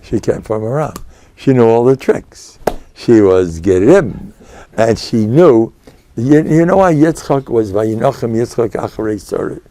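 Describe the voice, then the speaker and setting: A man's voice: mid-range voice, expressive, measured pace, mellow. An older American man, a rabbi giving a Torah lecture, telling stories in a digressive way and scattering Yiddish and Hebrew terms through his talk. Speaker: rabbi and spiritual mentor.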